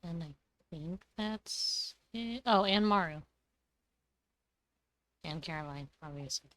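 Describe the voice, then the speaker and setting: A woman's voice: lowish voice, lively intonation, takes it slowly, fairly bright tone. A young woman streaming a farming game, chatting casually and talking to the characters on screen. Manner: chatty, talks to game characters, laughs and coughs often. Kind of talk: casual gameplay commentary.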